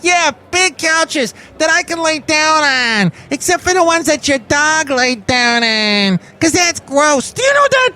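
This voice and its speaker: A man's voice: very animated, measured pace, hardly any pauses, sharp tone, slight background noise, heavily acted. A man voicing Bison Bentley, a goofy cartoon character who keeps asking "do you know that?". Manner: very high, repeats "do you know that?".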